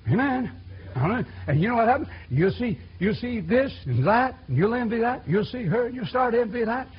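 A man preaching a sermon in a church, folksy and animated, acting out quotes with sudden loud outbursts. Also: high-pitched, breathy edge. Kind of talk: sermon with storytelling. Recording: dull lo-fi recording.

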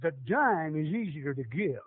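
A man preaching a sermon, calling out to the congregation with animated back-and-forth questions. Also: on the high side, measured pace, breathy edge. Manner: animated call-and-response preaching. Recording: tinny lo-fi radio broadcast.

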